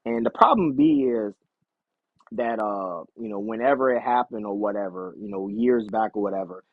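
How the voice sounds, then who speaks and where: Heated, husky-voiced man ranting. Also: fairly low pitch, moderate pace, dry recording, phone-quality sound. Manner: blunt, heated, repetitive lecturing. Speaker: commentator. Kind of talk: profane casual rant.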